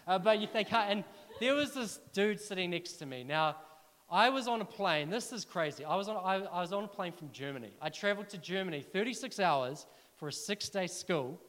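A man preaching a sermon, telling personal stories in a chatty, animated way and asking the listeners questions. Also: high-pitched, brisk, long reverb tail. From New Zealand.

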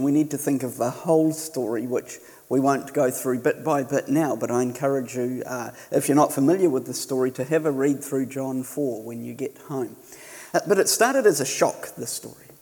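A middle-aged man from New Zealand giving a sermon in a relaxed, storytelling way, with touches of self-deprecating humour. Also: medium pitch. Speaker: missionary preacher. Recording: long church reverb.

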